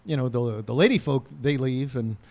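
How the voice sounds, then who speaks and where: A man's voice: medium pitch, moderate pace, darkish tone. A man hosting a casual podcast, telling a rambling story full of ums and uhs with dry jokes. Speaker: podcast host.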